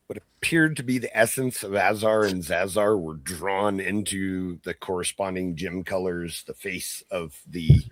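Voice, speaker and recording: A man's voice: low voice, a bit bright, dry recording. A man narrating a tabletop game as game master in a descriptive style, with frequent fillers.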